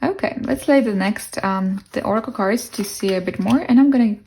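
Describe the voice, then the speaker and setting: A woman's voice: medium pitch, a little fast, creaky, mellow, a little hiss or hum. A young woman with a non-native English accent giving a casual pick-a-card tarot reading, musing aloud with fillers and restarts. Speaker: tarot reader.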